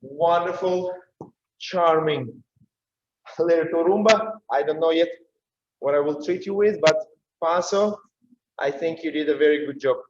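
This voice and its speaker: A high-pitched man with a Russian accent coaches a dance class, his voice going hoarse as he calls the steps with urgency. He speaks slowly and deliberately between the counts. The sound is dull and echoey, picked up from a distance in a big room. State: losing his voice. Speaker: dance teacher.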